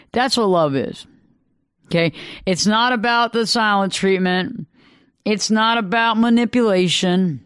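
A man's voice: high-pitched, a little slow, a bit bright, clear, resonant tone, no echo, clean studio sound. A man hosting a live radio advice talk show, emphatic and preachy, repeating phrases for effect.

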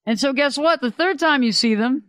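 A man talking casually about relationships as an advice speaker, animated and acting out the quoted voices of others. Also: very high-pitched, normal speed, no echo, studio quality.

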